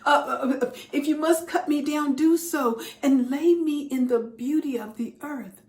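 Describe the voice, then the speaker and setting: A woman's voice: fairly high pitch, takes it slowly, mellow, roomy sound. A woman voicing a tall male bamboo plant, devoted but fearful, who stammers and pleads in a storybook tale. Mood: pleading.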